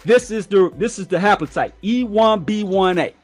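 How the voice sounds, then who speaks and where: Blunt, profane man, high voice. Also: expressive, moderate pace, soft background music. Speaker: show host. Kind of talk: casual profane talk show rant.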